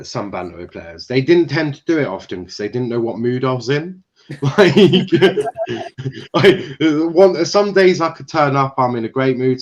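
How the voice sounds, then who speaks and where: A man with a lowish voice chats bluntly on a live stream and gives strong opinions without holding back. His audio sounds dull and lo-fi. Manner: blunt, opinionated, laughs at his own stories. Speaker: referee guest. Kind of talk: casual chat on a live stream.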